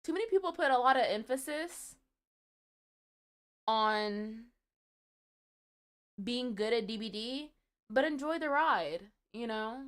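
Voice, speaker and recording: A woman's voice: fairly high pitch, expressive, slow pace, long pauses, a bit bright, clean tone. A young woman streaming live, chatting casually with her viewers and reading chat aloud, swearing now and then.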